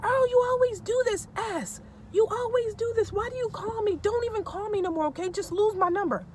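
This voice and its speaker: A woman's voice: fairly quick, slight background noise. A woman voicing a furious wife who screams and cries down the phone at her husband. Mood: furious, tearful. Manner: shrill, sobbing, accusing.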